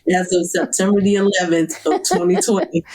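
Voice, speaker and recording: A woman guest giving an earnest, emotional personal testimony, pausing often with fillers. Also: on the low side, fairly even intonation, over a noisy crowd.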